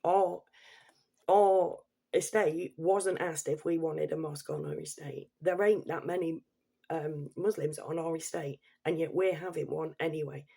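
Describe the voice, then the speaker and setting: Vlogger, woman, Leicester accent, gravelly and husky, reads set points then rants and swears. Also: low-pitched, steady tone, unhurried, dark tone. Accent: Leicester English. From Leicester, England. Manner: reads prepared points, then breaks into heated, swearing asides. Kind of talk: political opinion rant.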